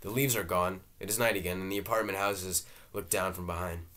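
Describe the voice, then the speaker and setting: A low-pitched man reads the stage directions of a play in a steady, even voice. His narration is plain and measured. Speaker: reader. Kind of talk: dramatic play reading.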